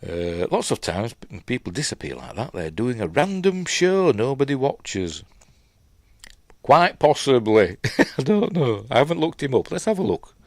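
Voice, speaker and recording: Chatty Yorkshire man with a lively lilt. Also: medium pitch, moderate pace, no room sound, clean studio sound. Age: middle-aged. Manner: rambling and chatty, many fillers and asides. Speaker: film reviewer host. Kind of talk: casual film recap and review.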